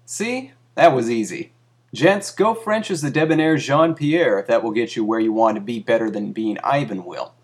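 A man's voice: mid-range voice, moderate pace. Dry mock-academic male narrator. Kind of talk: deadpan comic reading of a satirical article.

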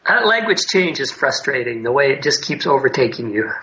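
A man co-hosting a language podcast, explaining a wry prediction in a measured, lecturing way. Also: medium pitch, very animated, bright, forceful tone, highs cut off. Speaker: podcast co-host. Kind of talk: wry academic chat.

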